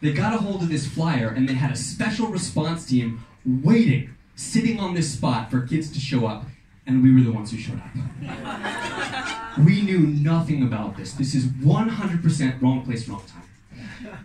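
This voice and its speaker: A young man tells a story on stage with punchy, dramatic timing and a lively, somewhat high voice. The sound is roomy and echoing, picked up from a little distance, with a faint noise underneath. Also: measured pace. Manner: animated, punchy, dramatic delivery. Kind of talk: live storytelling performance. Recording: echoey room, voice off-mic, faint noise.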